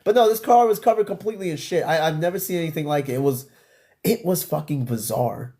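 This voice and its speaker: A man's voice: on the high side, quick pace, dark tone. A tired man with an old-school New York accent, hosting a podcast as a casual solo live stream, rambling and swearing as he answers comments. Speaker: podcast host.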